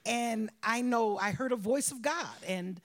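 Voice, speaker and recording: A woman, a bereaved mother, telling her personal testimony in an emotional way, often sinking to a soft whisper. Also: a little high. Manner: emotional, drops to soft whispers, breaks into laughs.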